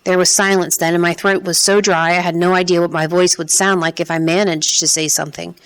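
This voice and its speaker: Woman narrator, audiobook read, slightly low, measured pace. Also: level tone. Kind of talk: first-person scripted narration.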